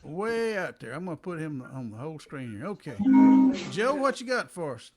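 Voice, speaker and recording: A man with a high voice that swings widely in pitch hosts an open mic over a video call. He talks in an easy, rambling way, full of fillers. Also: normal speed, faint music behind. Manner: relaxed and rambling, with many fillers.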